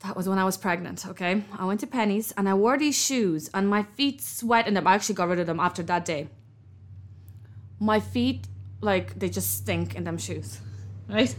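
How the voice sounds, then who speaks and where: A woman co-hosting a podcast in casual chat, telling animated stories and acting out other people's voices with laughter. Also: medium pitch, normal speed. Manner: animated storyteller, acts out voices with loud laughter. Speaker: podcast co-host.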